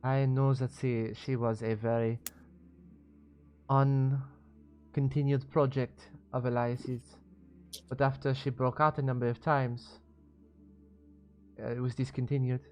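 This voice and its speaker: A man's voice: mid-range voice, flat delivery, a little mellow, faint music behind, lightly acted. A man voicing a poised woman tech mogul with a put-on French accent, speaking formally in a tabletop role-play. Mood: composed. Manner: formal, courteous, measured.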